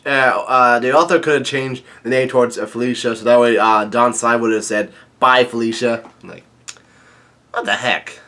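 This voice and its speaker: A man's voice: medium pitch, steady tone, brisk, few pauses, pushed and bright. Rambling man recapping a manga chapter. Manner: rambling with many fillers and restarts. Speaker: manga chapter reader and reviewer. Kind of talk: casual manga recap, reading panels aloud.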